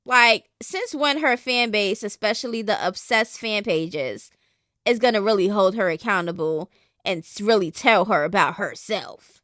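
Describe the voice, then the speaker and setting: A woman's voice: mid-range voice, a little slow, a bit bright. A woman hosting a gossip channel, giving casual, blunt and opinionated commentary in a sassy manner.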